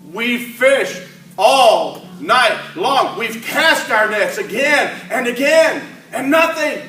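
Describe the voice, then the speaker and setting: A man playing the apostle Peter, an impulsive fisherman, in a dramatic first-person church monologue. He swings between loud cries and hushed asides. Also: high-pitched, exaggerated voice. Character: the apostle Peter, a rough, impulsive fisherman telling his story. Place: church sanctuary. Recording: echoey church hall, mic at a distance.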